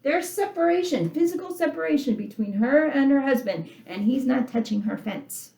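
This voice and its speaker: A woman's voice: sits high, moderate pace, gravelly. Woman teacher reading a story and chatting about it, voice jumps around a lot, room echo. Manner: animated, talks to listeners with questions, reads passages aloud. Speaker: literature teacher. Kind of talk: lecture reading and discussing a story.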